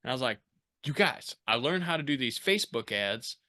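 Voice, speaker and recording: Bright-voiced man telling a story. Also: medium pitch, fairly quick. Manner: animated, acts out quoted voices, swears freely. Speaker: podcast guest. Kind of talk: casual storytelling.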